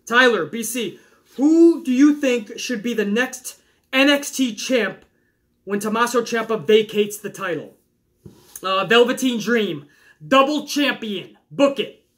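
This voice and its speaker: A young man talks in a high, bright voice, hosting a loose, chatty podcast. He reads listener questions aloud and answers them with lively enthusiasm, sometimes trailing off and doubling back. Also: unhurried. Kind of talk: casual chat.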